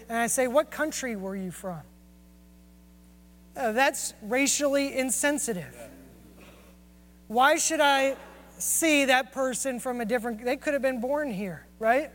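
Earnest preacher in a reverberant hall. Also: male voice, extremely high pitch, a bit bright. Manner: earnest, confessional, storytelling. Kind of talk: sermon.

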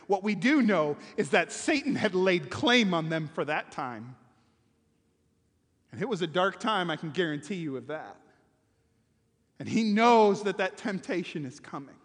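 A man preaching a sermon as pastor, swinging between loud stressed words and hushed, quiet passages. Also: high voice, husky, big-room sound.

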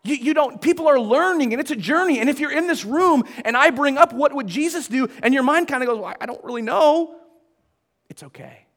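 High-voiced pastor preaching casually. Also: male voice, lively intonation, quick pace, few pauses, a bit bright. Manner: conversational, self-deprecating, with asides to the congregation. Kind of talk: sermon. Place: church auditorium.

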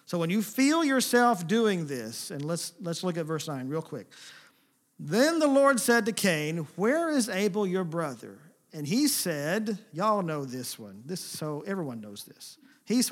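A man preaching a sermon, swinging between emphatic, forceful passages and soft, hushed asides. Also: on the high side. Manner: paraphrases God's words in a gentle, intimate voice. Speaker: pastor.

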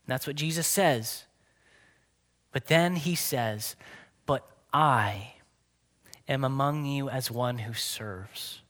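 A man preaching a sermon with earnest emphasis, at times slowing down and dropping to a near whisper. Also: medium pitch, fairly bright tone. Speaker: pastor.

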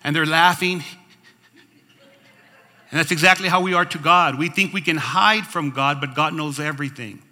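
High, bright-voiced preacher in a reverberant hall. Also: male voice, normal speed, pauses often. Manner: expressive, asks the congregation "Amen?" and "right?". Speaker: pastor. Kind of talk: sermon, reading scripture with commentary. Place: church sanctuary.

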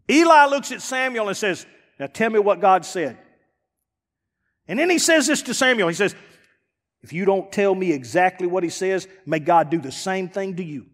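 A pastor preaching with a fairly high voice, rising to loud emphatic peaks and dropping to near-whispers. His voice rings with the long reverb of a church hall. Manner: emphatic preaching with dramatic swings from loud to hushed. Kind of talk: sermon.

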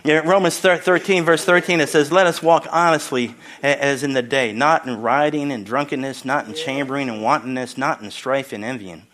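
A guest pastor in his sixties from the Philadelphia area preaches a sermon, cracking jokes, exclaiming, and saying hallelujah often. His mid-range voice is steady and a bit bright, running slightly fast with few pauses.

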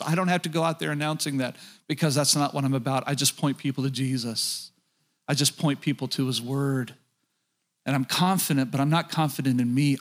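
The speaker is a middle-aged man preaching as a pastor, his voice pitched somewhat high for a man. His sermon has a conversational feel, and he frequently addresses the congregation with direct questions.

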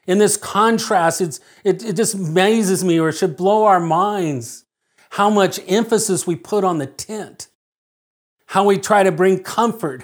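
A middle-aged man preaching a sermon, earnest, repeating phrases for emphasis and dropping to a hush when he tells a personal story. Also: on the high side. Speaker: pastor.

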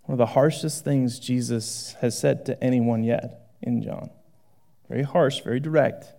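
A male pastor preaching a sermon in a conversational, animated way, moving between loud exclamations and hushed asides. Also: medium pitch, normal speed, vocal fry.

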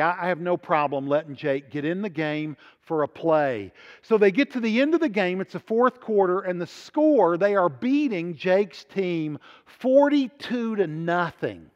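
High-voiced man preaching in a reverberant hall. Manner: animated, builds to excited peaks and drops to quiet appeals. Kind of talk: sermon storytelling. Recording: muffled audio in a large reverberant hall.

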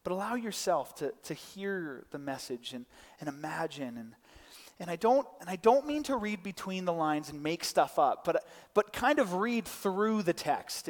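Man, pastor, conversational sermon, restarts often, slightly high voice, echoing hall. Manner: conversational, many restarts and side notes. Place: church.

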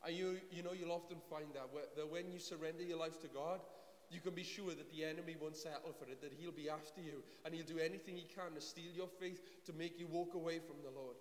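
A man's voice: on the high side, steady tone, quick pace. A man preaching a sermon in a church, earnest and pleading, repeating phrases for emphasis. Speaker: pastor. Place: church hall. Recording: echoey hall with faint hiss.

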